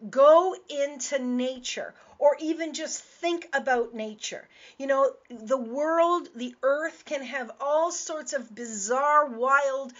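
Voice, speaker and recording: A woman's voice: high voice, takes it slowly, few pauses, fairly bright tone. A woman host and business coach talking in a casual radio monologue, stressing points by repeating words. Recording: dull lo-fi audio.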